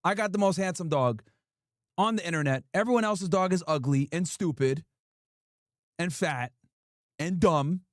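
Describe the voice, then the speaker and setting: A man's voice: a little high, moderate pace, long pauses, no echo, clean studio sound. A man hosting a livestream in a casual, slangy style, teasing and playfully scolding in repeated bursts. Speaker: livestream host.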